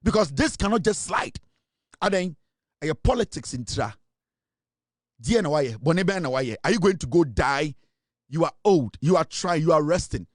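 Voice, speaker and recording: A Ghanaian-accented man delivers fired-up political commentary, swinging between Twi and English. His pitch sits a touch high and leaps around a lot, and the sound is close and dry with no room echo. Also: animated, moderate pace, long pauses. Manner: impassioned, mixing Twi and English, rising to exclaiming.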